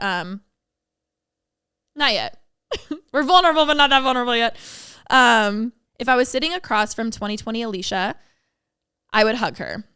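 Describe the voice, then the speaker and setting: A woman hosting a podcast alone, talking openly and from the heart, quick to laugh, on a studio mic. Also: medium pitch, sharp tone, clean tone, no echo. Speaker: podcast host. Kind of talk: candid solo podcast reflection.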